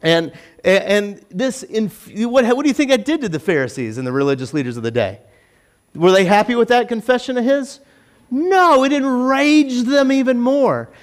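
Man, pastor, casual church sermon, high voice, chatty, animated, self-deprecating asides. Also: moderate pace.

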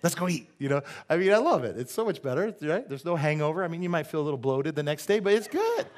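A man preaching a sermon in church, animated and joking, often asking the congregation for an amen and tossing in silly voices and sound effects. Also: a little high, fast. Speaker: pastor. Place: church sanctuary.

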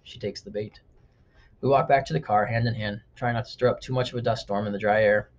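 Fast-reading male audiobook narrator. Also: fairly low pitch, fairly even intonation. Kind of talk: first-person audiobook narration. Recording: dull lo-fi recording with faint noise.

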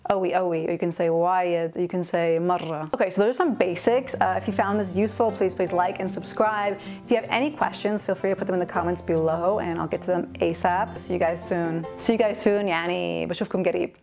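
A woman's voice: lowish voice, steady tone, fast, few pauses, a little mellow, soft background music. A woman giving a casual lesson on slang words, switching back and forth between languages as she explains each phrase. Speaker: language teacher.

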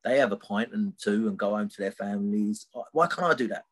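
On a dry recording, a middle-aged man with a lowish voice talks briskly as a podcast guest. His personal story comes out loose, candid and rambling, punctuated by frequent check-ins of "right?"

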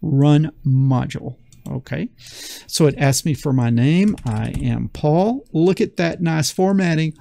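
A man's voice: fairly high pitch, a little slow, gravelly, mellow, no room sound. A man teaching a beginner programming lesson in a folksy, enthusiastic way, often repeating phrases for emphasis. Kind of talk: screen-recorded coding lesson.

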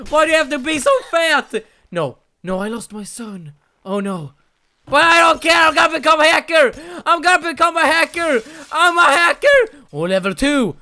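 A young man commentating a video game he is playing, loud and excitable, yelling and swearing whenever things go wrong. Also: very high-pitched. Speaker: gaming channel host. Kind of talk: let's play commentary.

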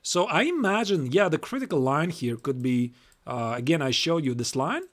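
A man's voice: on the high side, animated, normal speed. A young Latvian man with a Latvian accent giving a chatty live-stream chess lesson, reading moves aloud and repeating himself.

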